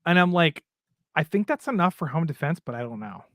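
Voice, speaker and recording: A man co-hosting a podcast in casual chat, quick to laugh and to chime in with short agreements. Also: a little high, sing-song, a bit bright, dry recording, studio quality. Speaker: podcast co-host.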